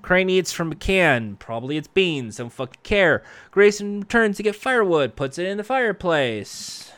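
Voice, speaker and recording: A man's voice: high voice, expressive, normal speed, fairly bright tone, no echo. A man casually recapping a show with jokey, profane, self-mocking asides.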